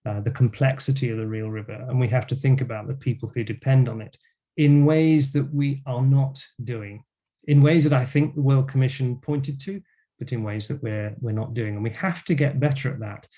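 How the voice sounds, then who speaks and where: Older male academic speaker, mellow tone, measured delivery with many "uh"s, on a video call. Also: mid-range voice. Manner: measured lecturing with frequent fillers. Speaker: guest speaker. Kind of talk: academic talk.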